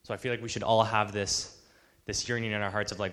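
A man delivers an earnest sermon in a fairly low voice. He slips into the voices of the people he quotes. A long reverb trails behind him, like a large church hall. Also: little pitch movement, quick pace, fairly bright tone. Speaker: pastor.

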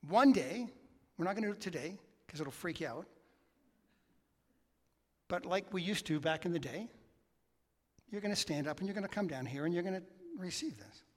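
A man preaching a sermon as pastor, swinging between hushed asides and loud, emphatic peaks. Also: high voice, lively intonation, normal speed, pauses often. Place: church sanctuary. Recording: long hall reverb.

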